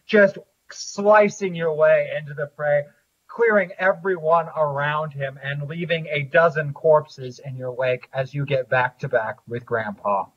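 A game master talking his players through a battle, steady and deliberate. His voice sits a little high and sounds husky. The recording is dull and lo-fi. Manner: measured, with frequent "uh" pauses. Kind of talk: narrating a tabletop game. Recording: dull lo-fi audio.

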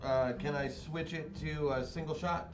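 Male player, casual and playful, voice on the high side. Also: steady tone, moderate pace, over music. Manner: playful, jokey. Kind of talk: casual tabletop play.

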